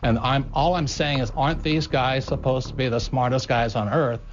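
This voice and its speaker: A man's voice: medium pitch, fairly even intonation, moderate pace. A man presses his case on a television panel with pointed questions. The broadcast sound is dull, and a faint noise runs beneath it. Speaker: panel guest. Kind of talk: TV panel discussion.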